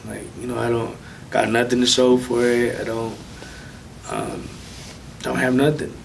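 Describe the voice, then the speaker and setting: A man speaking as an interview guest, telling a personal testimony in a soft, halting way with many pauses. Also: medium pitch, level tone, vocal fry, distant mic, noisy background.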